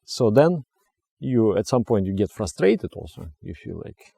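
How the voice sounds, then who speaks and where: A man gives a spiritual meditation lesson in a warm, mellow voice, recorded dry and close. He talks earnestly and with emphasis, driving points home by repeating phrases. His English is fluent but slightly non-native. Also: medium pitch, sing-song, normal speed, creaky, dry recording. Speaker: meditation teacher. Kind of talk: spiritual teaching talk.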